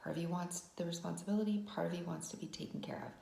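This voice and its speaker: A woman's voice: fairly low pitch, fairly even intonation, racing, creaky, mellow, reverberant. A woman vlogger telling a personal story as a lesson, talking conversationally with frequent "right?" asides. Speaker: wellness vlogger.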